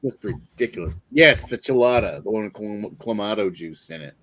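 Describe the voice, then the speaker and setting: A man's voice: fairly low pitch, a little fast, dry recording. A man hosting a casual beer review show, chatting loosely and swearing now and then. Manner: laid-back, swears casually, animated. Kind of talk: casual chat.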